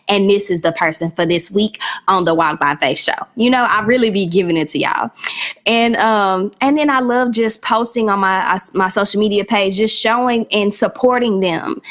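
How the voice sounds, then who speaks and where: A woman hosting her own podcast in a casual, chatty way, talking straight to her listeners with a voice she calls country. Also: mid-range voice. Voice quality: self-described country voice. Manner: chatty, animated, addresses listeners as y'all. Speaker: podcast host. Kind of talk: casual solo podcast talk.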